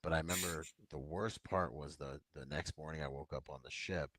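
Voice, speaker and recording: A man's voice: a bass voice, a little fast, dry recording. A man, a military veteran, telling personal stories in a casual, rambling way with lots of fillers. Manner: relaxed, rambling war stories with filler words. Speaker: podcast guest, veteran. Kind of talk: casual storytelling.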